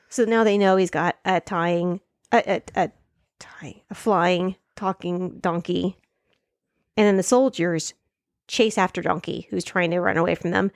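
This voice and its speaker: A woman co-hosting a podcast, chatting casually about a movie, animated and often laughing. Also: fairly low pitch, moderate pace, no room sound, clean studio sound. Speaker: podcast co-host. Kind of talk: casual chat recapping a movie.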